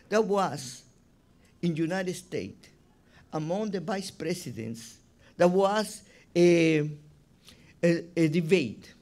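Delivering a rabbi's sermon, this man talks slowly and without hurry, his voice high for a man yet darkish in tone. He hammers his points home, repeating words as his argument builds, and his phrasing sounds non-native.

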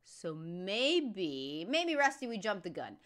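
A woman's voice: mid-range voice, big pitch swings, takes it slowly, a bit bright. A woman hosting a reaction video, chatting casually and musing aloud to her viewers.

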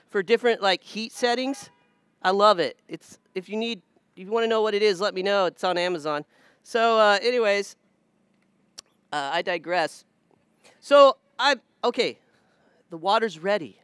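A man preaching a sermon, a pastor telling a chatty story that swings from quiet asides to loud exclamations. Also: high voice, smooth, no room sound. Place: church service with drive-in audience honking horns.

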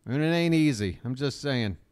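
A man's voice: mid-range voice, animated, normal speed, darkish tone, clear, resonant tone. A man hosting a live stream, talking in a rambling, profane, openly emotional way as he reacts casually to a clip.

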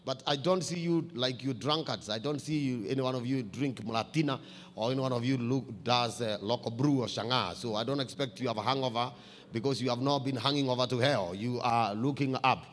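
A man, a church pastor preaching a sermon, climbing louder and higher as he reads scripture. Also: fairly quick. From Kenya. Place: church hall. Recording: long hall reverb.

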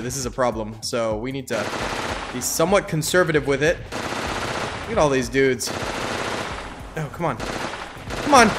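Young man, gameplay commentary, high lively voice, gravelly edge, goofy and hyped. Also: noisy background. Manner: goofy, hyped, yelps and laughs often. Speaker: gaming channel host.

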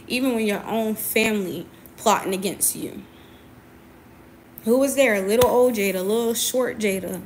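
A woman's voice: fairly high pitch, slight background noise. A young adult woman, a boxer, venting to camera in a confrontational, emphatic way, often repeating her points. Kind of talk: personal venting monologue.

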